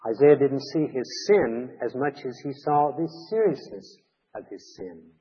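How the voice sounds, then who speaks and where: A man delivering a sermon with a slightly husky, breathy tone, earnest and emphatic as he leans on repeated words. His voice rings out with a long reverb tail, and the recording sounds dull and lo-fi. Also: mid-range voice, big pitch swings, unhurried. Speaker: pastor.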